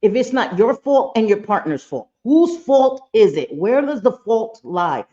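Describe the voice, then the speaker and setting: A woman's voice: a little high, big pitch swings, unhurried, warm tone, muffled recording. A woman hosting a live reaction stream, talking bluntly and profanely and getting fired up.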